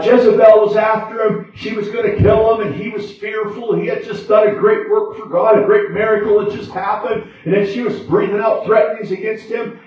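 A high-voiced man preaches an evening sermon in a church sanctuary. He is picked up from well back in a very echoey room, and the sound is dull and muffled. His cadence drops to hushed low passages and lifts into fervent prayer. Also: far from the mic.

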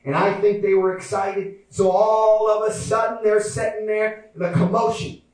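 High-pitched shouting preacher in echoey hall. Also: male voice, level tone, normal speed. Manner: shouting, acting out voices of people in the story. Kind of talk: sermon. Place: church sanctuary. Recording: very echoey hall, mic from a distance.

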